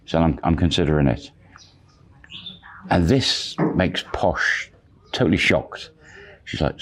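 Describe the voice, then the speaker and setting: A man with a very deep, low voice relating a long personal tale in a loose, conversational way. He rambles along, stacking "he says" and "she says" as he goes. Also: slow, pauses often. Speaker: channel storyteller. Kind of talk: casual spoken storytelling.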